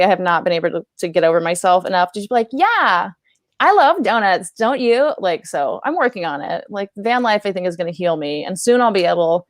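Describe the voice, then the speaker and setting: A young woman comedian chatting casually, telling stories and acting out quoted voices in a high chirpy tone, laughing often. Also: no echo, clean studio sound. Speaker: comedian guest. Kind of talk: casual podcast chat with storytelling.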